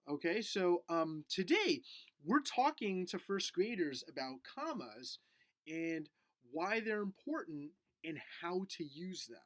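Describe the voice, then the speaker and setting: Patient man teaching first graders slowly. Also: sits high, big pitch swings, dry recording. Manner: gentle, patient, coaxing. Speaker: elementary school teacher. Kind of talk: video lesson for first graders.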